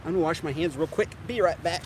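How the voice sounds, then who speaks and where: Chatty man, high voice outdoors. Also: fast talker. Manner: chatty, upbeat, talks straight to viewers. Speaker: fishing vlogger. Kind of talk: casual livestream chat while cooking. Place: outdoors on a riverbank. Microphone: camera on a tripod. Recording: outdoor camera audio with loud ambient noise.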